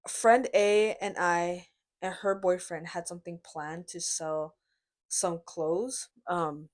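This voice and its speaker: A woman's voice: on the low side, slow. Young woman, college age, chatty storyteller who mimics the people she quotes. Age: young adult. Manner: animated, acts out quoted voices. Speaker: guest, college student sister. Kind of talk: casual storytelling chat. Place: office.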